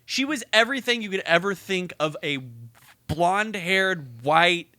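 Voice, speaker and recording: A man's voice: high-pitched, unhurried, no room sound. A young man co-hosting a podcast, telling a story in casual chat, acting out every quote and swearing freely. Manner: animated storyteller, acts out quotes, swears a lot. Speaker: podcast co-host.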